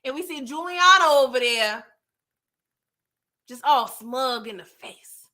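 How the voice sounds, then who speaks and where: A woman at home giving an animated, profane recap of a TV episode to her viewers. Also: sits high, slow. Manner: animated, expressive, frequently cursing. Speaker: TV show recap YouTuber. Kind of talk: casual episode review rant.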